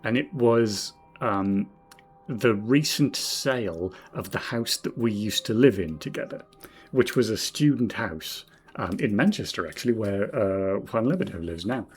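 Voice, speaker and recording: A man in his forties from Northeast England with a southern English accent, streaming a game in casual commentary, rambling and self-deprecating, muttering quiet asides to himself. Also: on the low side, lively intonation, measured pace, breathy edge. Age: 40s. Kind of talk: casual game commentary while reading chat.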